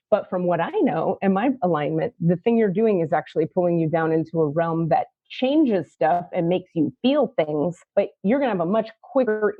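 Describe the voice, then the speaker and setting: A woman hosting a podcast, telling spiritual stories in an excitable way and acting out quotes in high squeaky voices. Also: no echo, narrow, tinny audio. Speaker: podcast host and spiritual teacher. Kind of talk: animated casual chat.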